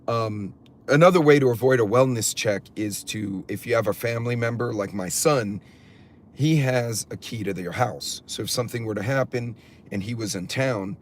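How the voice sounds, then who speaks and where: A man's voice: fairly low pitch, slight background noise. A middle-aged man hosting a preparedness channel, chatting casually on a livestream and answering viewers' comments as he rambles and swears freely. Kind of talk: casual livestream talk, reading chat aloud.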